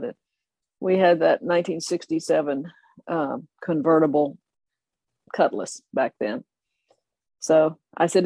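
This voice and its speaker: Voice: mid-range voice, measured pace, vocal fry, pauses often, no room sound. Older person telling a long family story, laughs a lot, does the voices, dry close sound. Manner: animated, laughing anecdote telling. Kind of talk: oral history storytelling.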